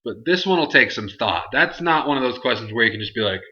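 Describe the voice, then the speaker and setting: A man's voice: medium pitch, animated, fast talker, hardly any pauses, sharp tone, muffled recording. A man hosting a casual Q&A vlog, answering viewer questions in a rambling, self-interrupting way. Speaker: host.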